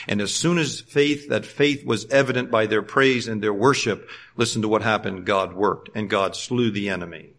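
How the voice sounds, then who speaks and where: A middle-aged man preaching a sermon. He moves between loud, fervent exhortation and quiet, conversational storytelling. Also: on the low side, normal speed.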